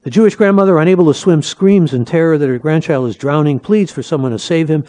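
A man's voice: a little high, quick pace, mellow. A man, an author giving a talk about his book, telling jokes and anecdotes and acting them out with voices. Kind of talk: lecture with joke-telling.

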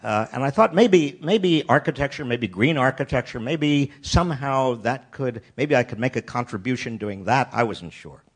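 An older American man telling a personal story in a wry, self-deprecating way, often halting and restarting his sentences. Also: mid-range voice, expressive, breathy edge. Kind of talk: personal anecdote talk.

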